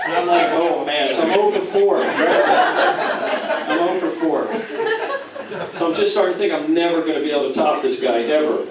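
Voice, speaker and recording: A loud crowd surrounds a middle-aged man from Philadelphia as he gives a playful, self-mocking storytelling speech at a company dinner, voicing the other characters himself. His voice sits a little high and his pace is moderate. The room mic is distant, very echoey and noisy.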